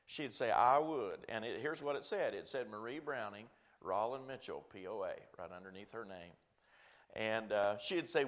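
A man's voice: fairly low pitch, animated, normal speed. Folksy man telling a sermon story. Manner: folksy, self-deprecating storyteller acting out quoted voices. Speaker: pastor.

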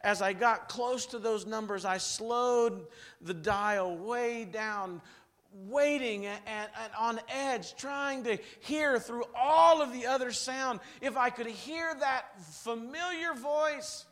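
A man preaching a revival sermon, telling stories dramatically and swinging from loud bursts to hushed lines. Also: extremely high pitch, takes it slowly.

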